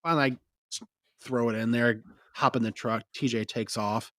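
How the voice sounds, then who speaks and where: A man's voice: mid-range voice, level tone, normal speed, fairly bright tone, no echo, studio quality. A young man, co-hosting a podcast and rambling through a story with bursts of laughter. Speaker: podcast co-host. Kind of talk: casual storytelling chat.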